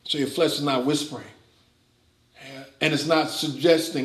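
A man preaching with a fairly high voice that rises to emphatic peaks and drops to low asides. The room around him is roomy and echoing. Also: moderate pace. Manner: animated preaching, swings from loud to quiet. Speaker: pastor teaching a Bible class. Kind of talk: sermon.

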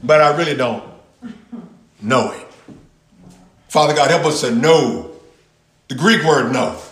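A man teaching a Bible passage in sermon style, repeating key words with long pauses and talking back and forth with his listeners. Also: on the high side, a bit bright, roomy sound. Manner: talks with the audience, answers their replies. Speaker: pastor teaching a Bible study.

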